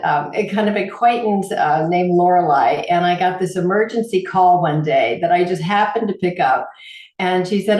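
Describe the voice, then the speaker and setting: Animated woman healer, echoey room. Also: fairly low pitch. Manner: animated, acts out quoted voices. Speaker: holistic healer, guest. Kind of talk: interview storytelling. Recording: roomy echo.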